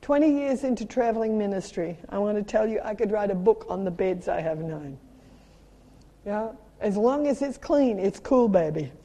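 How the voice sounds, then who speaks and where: A middle-aged woman with a South African accent, preaching a sermon as a traveling minister, moving between lively personal stories and emphatic urging. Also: mid-range voice, normal speed. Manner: animated storytelling with playful sound effects and emphatic exhortation. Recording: long hall reverb.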